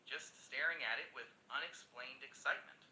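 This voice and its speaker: Cheeky ai guy voice telling jokes, super bright, echoey room. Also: normal speed. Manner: cheeky, chatty joke delivery. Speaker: AI chatbot joke teller. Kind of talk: storytelling jokes. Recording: echoey with faint rumble.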